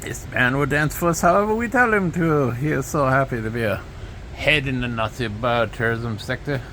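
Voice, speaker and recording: A man's voice: medium pitch, a little fast, a bit bright, a little hiss or hum. A man rambling sardonically in a solo video monologue, jumping between mock quotes and asides. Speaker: video blogger.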